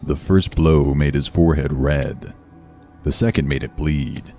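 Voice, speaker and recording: A man giving a slow, measured scripted horror narration. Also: extremely low pitch, fairly even intonation, warm tone. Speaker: story narrator.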